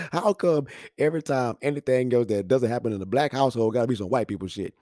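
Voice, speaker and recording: Man, thirties, lively storyteller on a podcast mic, dry close sound. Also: mid-range voice, brisk, no room sound. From Houston, Texas. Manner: animated storytelling, acts out voices, laughs often. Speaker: podcast talker. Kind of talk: casual monologue. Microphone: studio microphone.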